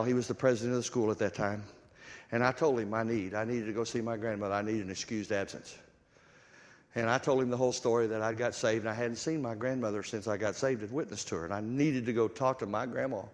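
An older man preaching a sermon, moving from hushed storytelling to sudden loud bursts of excitement. His voice sits in an ordinary middle pitch. It carries a long reverb from a large church hall.

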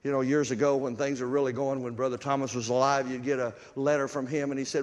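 Preacher in a reverberant hall. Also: male voice, medium pitch, fairly even intonation, a little fast. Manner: storytelling, swings from hushed to loud exclamations. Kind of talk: sermon. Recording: long reverb of a large hall.

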